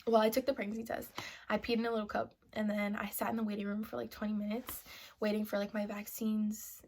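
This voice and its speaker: A young woman vlogger telling a personal story in a casual sit-down style, filling her talk with "like" and "you know" and sometimes dropping to a hushed half-whisper. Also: mid-range voice, monotone, fast talker, a little hiss or hum. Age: young adult. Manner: chatty, full of "like" and "you know" fillers. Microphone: camera mic, seated to camera.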